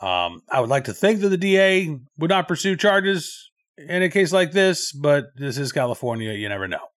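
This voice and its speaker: Here a man runs a news commentary program, working through topics casually and often pausing with fillers. His pitch sits fairly high, swings widely, and has a slightly bright quality.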